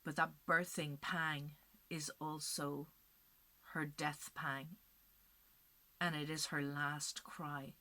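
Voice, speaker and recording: A woman's voice: sits low, flat delivery, slow, pauses often, sharp tone. A woman storyteller narrating a legend expressively, building to dramatic peaks and dropping to whispers.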